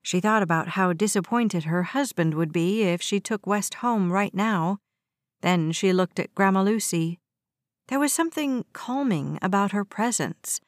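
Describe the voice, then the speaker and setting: A woman narrating an audiobook in a steady, even storytelling manner. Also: medium pitch, unhurried, dry recording, clean studio sound.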